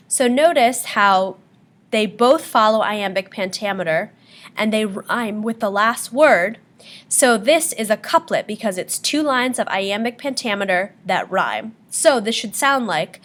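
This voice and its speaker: A woman's voice: mid-range voice, expressive, a little slow, fairly bright tone. Patient woman teaching poetry terms. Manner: patient, explanatory, with frequent ums. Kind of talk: classroom lecture on poetry terms.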